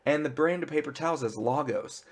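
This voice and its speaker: A man casually retelling a TV episode in an excited, rambling way, full of filler words. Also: on the high side, brisk. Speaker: pop culture reviewer. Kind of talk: casual spoiler recap.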